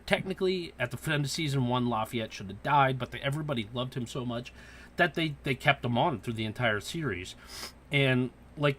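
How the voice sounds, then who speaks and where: A man hosting a casual podcast, telling stories and ranting with lots of swearing. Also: mid-range voice. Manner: profane, animated ranting storyteller. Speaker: podcast host.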